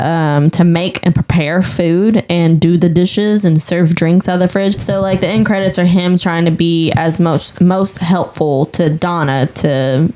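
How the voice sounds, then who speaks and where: A woman's voice: fairly low pitch, mellow, smooth. A woman co-hosting a podcast, chatting and musing about a film. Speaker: podcast co-host. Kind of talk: casual film chat.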